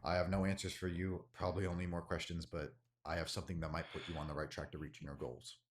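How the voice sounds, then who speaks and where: A man voicing a secretive, black-furred male cat-folk informant who speaks in a low, measured, guarded way. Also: level tone, natural voice.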